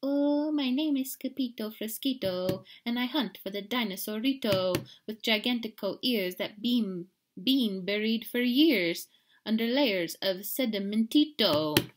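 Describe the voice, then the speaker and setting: A woman's voice: on the high side, measured pace, slight background noise, pitched above the performer's own voice. Woman doing a bouncy boastful kitten boy. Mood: sing-song. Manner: excitable, chanting, mock Spanish flair.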